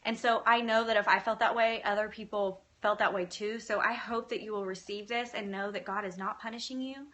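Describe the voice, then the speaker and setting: A woman hosting a live video, speaking in an earnest, gentle and encouraging way as she reads viewer comments. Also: medium pitch, steady tone, a little fast, few pauses. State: tearful at times. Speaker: faith-based live video host. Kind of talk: live-stream talk, reading comments.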